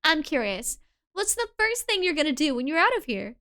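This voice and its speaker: Blunt, wry young female friend for a dating sim, read by a woman; high, bright tone. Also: sing-song, a little fast, heavily acted. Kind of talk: reading a dating sim aloud.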